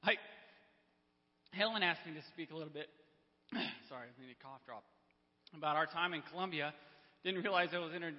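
A man telling personal stories to a church congregation, unprepared, with frequent restarts and throat clearing. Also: fairly high pitch. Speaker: church member speaking to congregation. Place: church sanctuary. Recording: lo-fi with long hall reverb.

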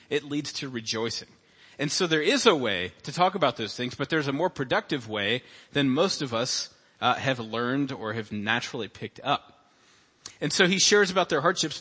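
A male pastor preaches in a loose, conversational style, slipping in asides and voicing imagined people. His tone is bright and forceful. The sanctuary gives his voice a long, ringing reverb. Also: medium pitch, husky. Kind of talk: sermon. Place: church sanctuary.

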